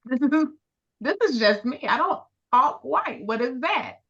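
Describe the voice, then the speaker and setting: A woman's voice: sits high, a little slow. A woman from the Midwest with a light Southern accent, telling a story in a casual chat and acting out quotes. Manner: animated storyteller, laughs often, acts out quotes. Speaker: podcast co-host. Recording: dull lo-fi audio.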